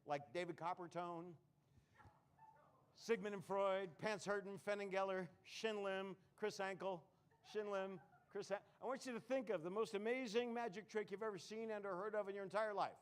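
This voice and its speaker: A man's voice: sits high, fairly even intonation, normal speed, clear, resonant tone. A man performing a comedy magic act on a live stage, full of puns and self-mocking jokes. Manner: punning, self-mocking, jokey.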